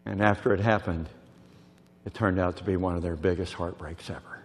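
A man preaching a sermon, dramatic and swinging from shouts down to near whispers, who keeps checking that the crowd is listening. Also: sits low, fairly even intonation, a little fast. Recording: long hall reverb.

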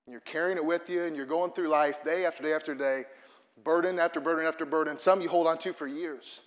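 Earnest guy preaching a sermon in a church auditorium, kinda high voice, big echoey hall. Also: steady tone, fast. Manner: earnest, building to fervent emphasis.

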